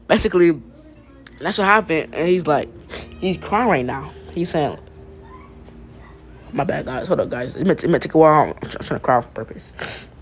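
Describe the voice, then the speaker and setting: A young man casually spinning a fan-made story off the cuff. He stammers and restarts often, piles on profane slang and chuckles at his own asides, and his pitch sits squarely in the middle. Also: moderate pace, slight background noise. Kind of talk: casual fan-fiction retelling.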